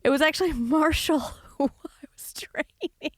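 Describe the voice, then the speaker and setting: A woman's voice: sits high, normal speed, dry recording, clean studio sound. A woman who works as a personal trainer, co-hosting a casual podcast and telling frank stories with laughter.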